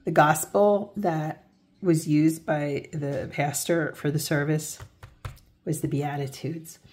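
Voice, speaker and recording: A woman's voice: deep voice, steady tone, slow, darkish tone. A woman vlogging about crafts and faith in a casual, earnest way, often restarting and correcting herself as she talks. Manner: heartfelt and earnest when speaking about faith. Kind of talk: casual crafting tutorial chat.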